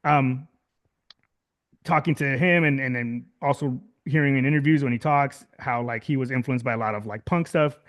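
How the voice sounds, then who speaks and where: At a normal speed and medium pitch, a Southern California musician in his thirties talks loosely as an interview guest. He wanders through his thoughts, filling gaps with fillers, restarting often, and laughing a lot.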